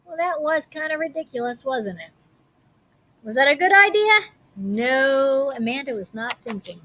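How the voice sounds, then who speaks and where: A woman teacher reading a picture book aloud to children in a playful, expressive way. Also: high voice, normal speed.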